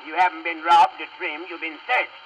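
A man's voice: a little high, flat delivery, normal speed, background noise, lightly acted. A man playing an impatient small-town judge with brusque, dry wisecracks, on a muffled old record.

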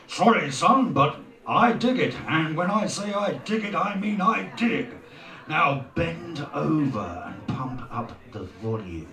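Man putting on a high, boisterous rocker father, boastful and mocking, comic story. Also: sing-song, slow, pushed and bright, soft background music, full character voice. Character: brash rock-loving middle-aged father, boastful. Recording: roomy echo, distant mic.

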